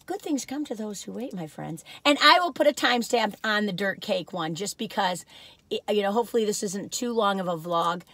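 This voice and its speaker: A woman's voice: medium pitch, expressive, fairly quick, fairly bright tone, no room sound. An older woman chatting to her viewers in a rambling, talkative vlog from her car, with many asides and fillers. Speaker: vlog host reviewing cookies.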